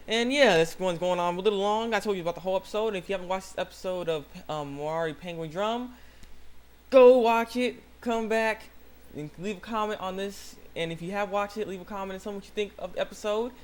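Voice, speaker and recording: A young man with a somewhat high voice hosts his own channel with a casual recap. He rambles excitedly, stacking fillers and starting sentences over. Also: fast talker, few pauses, clean tone. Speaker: channel host. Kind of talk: casual anime episode recap.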